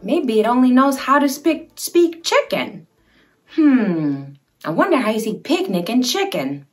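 A young woman presents a toddler learning video, talking slowly in a playful sing-song way and making silly animal sounds. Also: fairly high pitch, big pitch swings, faint music behind. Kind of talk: teaching toddlers.

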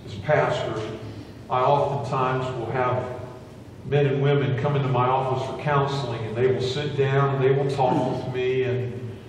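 A man preaching a sermon as pastor, moving between hushed storytelling and raised, fervent appeals. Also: medium pitch, slight background noise. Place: church sanctuary. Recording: echoey church hall from a distance.

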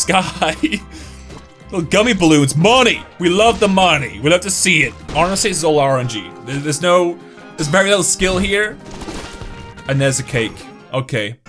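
A man chatters through a video game in loose, jokey commentary. His voice sits a little high and jumps up when things go wrong. Faint music plays underneath. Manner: excitable, jokey, yelps and laughs at the game. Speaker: gaming YouTuber.

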